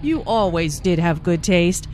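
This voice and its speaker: A woman voicing a friendly shopper who meets an old friend, chatting in a warm, easy way in a scripted dialogue. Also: fairly low pitch, expressive, a little slow, voice pushed down.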